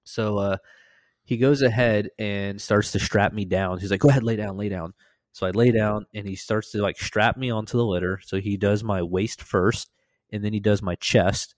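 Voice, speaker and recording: Animated, profane man telling a story. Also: fairly low pitch, moderate pace, dry recording. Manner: animated, profane, acts out quoted lines. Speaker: podcast host. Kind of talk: casual storytelling.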